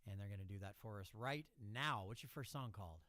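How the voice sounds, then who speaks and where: A man's voice: lowish voice, fairly quick, bright, forceful tone, no room sound. A man hosting a radio music show, joking around in the studio before announcing the band on air. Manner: playful, joking between takes. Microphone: studio microphone.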